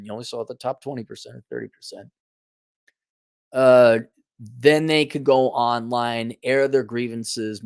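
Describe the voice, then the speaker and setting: A man's voice: medium pitch, no room sound, studio quality. A man hosting a casual commentary rant, blunt, profane and sarcastic, often restarting his sentences. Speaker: host.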